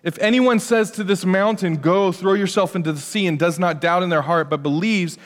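A male pastor preaching a sermon, swinging between hushed asides and loud, emphatic peaks. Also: high voice, moderate pace, long reverb tail. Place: church sanctuary.

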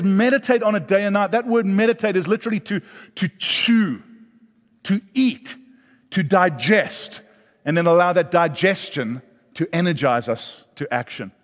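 A middle-aged man preaching a sermon, animated, rising loud and then dropping soft. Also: high-pitched. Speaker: pastor. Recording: long hall reverb.

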